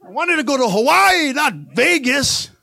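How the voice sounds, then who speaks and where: A middle-aged man preaching a sermon as pastor, swinging between quiet asides and loud rallying shouts, joking with the congregation. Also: extremely high pitch, lively intonation, moderate pace, gravelly, no echo.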